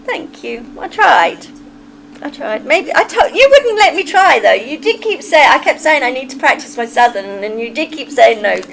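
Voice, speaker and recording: A woman's voice: high voice, sing-song, moderate pace, creaky, slight background noise, rough recording. Giggly English woman chatting with her stream. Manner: giggly and self-deprecating, laughs often. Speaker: livestreamer reading chat. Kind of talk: casual livestream chat.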